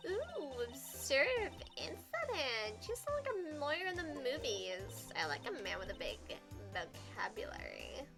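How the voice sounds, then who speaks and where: A woman's voice: high voice, wildly swooping pitch, a little slow, few pauses, over music, exaggerated voice. Woman doing a coy, teasing flirt.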